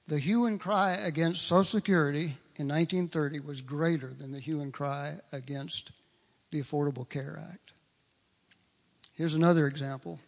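Male preacher with a gravelly voice, preaching emphatically in a hall with a long echo. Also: on the high side, normal speed, long pauses. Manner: emphatic, repeats phrases for stress. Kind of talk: sermon. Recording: long reverb of a large hall.

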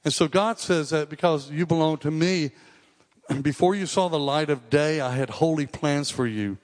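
A man's voice: fairly high pitch, moderate pace. A male pastor preaching a sermon in a conversational, earnest way, repeating and restarting phrases for emphasis. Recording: long reverb of a large hall.

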